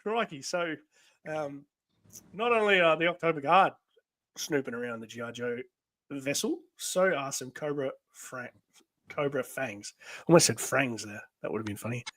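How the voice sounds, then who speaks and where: A man's voice: mid-range voice, lively intonation, normal speed, fairly bright tone, no echo. Rambling male host. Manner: rambling, full of ums and laughs. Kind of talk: casual live-stream chat.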